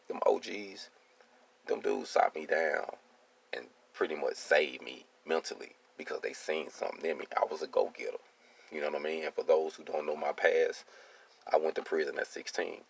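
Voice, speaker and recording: Very deep, gravelly-voiced man. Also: normal speed. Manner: streetwise, keeps asking "you see what I'm saying". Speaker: welding business owner. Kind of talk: casual personal monologue.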